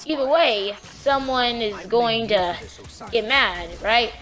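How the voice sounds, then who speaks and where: Woman rambling thru a storytime vlog, slangy, kinda high voice, faint music behind. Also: slow. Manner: slangy, rambling, animated retelling. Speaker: YouTuber telling a story.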